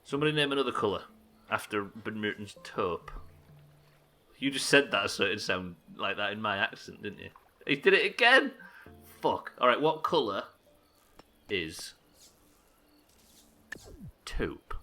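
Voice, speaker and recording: Lively, sweary young male game streamer. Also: lowish voice, normal speed, pauses often, faint music behind. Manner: animated, sweary, self-mocking banter. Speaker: streamer playing a building game. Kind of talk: live gameplay commentary chatting with viewers.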